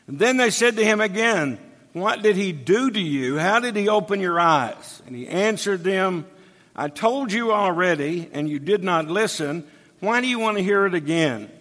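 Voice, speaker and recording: A man's voice: high-pitched, animated, measured pace, sharp tone. A man preaching an expository sermon, reading scripture aloud and explaining it verse by verse. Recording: long hall reverb.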